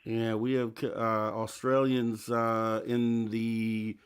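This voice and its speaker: A man's voice: mid-range voice, level tone, takes it slowly, clear, resonant tone. A man hosting a live call-in show, upbeat as he relays comments from the chat. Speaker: host.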